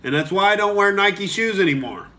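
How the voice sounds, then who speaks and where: Profane ranting male comedian, bright voice. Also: sits high, animated, a little fast. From Oklahoma. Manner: profane, heated ranting, reads viewer comments. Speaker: comedian hosting a live stream. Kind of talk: ranting live-stream commentary.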